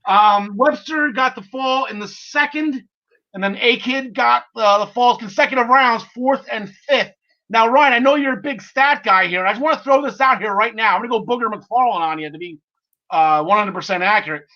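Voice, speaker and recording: A half-Irish man hosts a casual wrestling podcast at a moderate pace, excitable and chatty, stumbling over words and laughing between thoughts. His voice is very high, bright and forward. The enthusiastic delivery is full of fillers and restarts, and the recording sounds a little dull and lo-fi.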